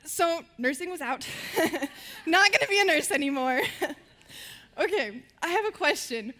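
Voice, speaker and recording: On stage before a live audience, a teenage girl gives a student talk, sharing stories in a bubbly manner and laughing between lines. Her voice sits high and sounds pushed and bright. She is expressive and keeps a moderate pace.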